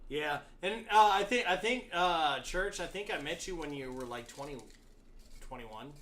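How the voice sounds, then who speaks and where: Male co-host, bright and sharp, jokey interrupting questioner. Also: a little high, animated, normal speed. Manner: teasing, incredulous questioner. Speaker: podcast co-host. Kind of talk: casual chat.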